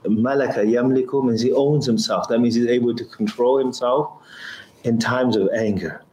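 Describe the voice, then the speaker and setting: A man giving a religious lesson on hadith, reciting Arabic quickly and explaining in slower, halting English. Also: mid-range voice, fairly even intonation, a little mellow, slight background noise. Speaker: Islamic teacher. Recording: roomy echo with faint ambience.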